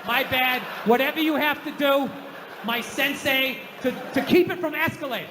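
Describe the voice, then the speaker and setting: A man's voice: very high-pitched, normal speed, background noise. A male stand-up comedian ranting and swearing with self-mocking humor on a theater stage. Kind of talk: stand-up routine. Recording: echoey hall, faint ambience.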